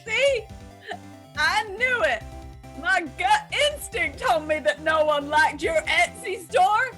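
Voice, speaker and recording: A woman's voice: very high voice, lively intonation, slow, soft background music, heavily acted. A woman voicing a nosy, pushy female photographer with a put-on southern accent, in a fan dub of a game. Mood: brash. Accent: put-on American Southern. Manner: pushy, loud, stubborn. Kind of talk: fan voice acting of a game playthrough.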